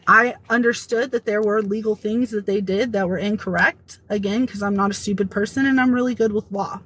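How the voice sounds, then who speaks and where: A woman telling an animated story about her workplace in a casual vlog, quoting the people involved. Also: mid-range voice, brisk, few pauses, a little hiss or hum, low-quality recording. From Italian heritage. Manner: animated retelling, quoting others.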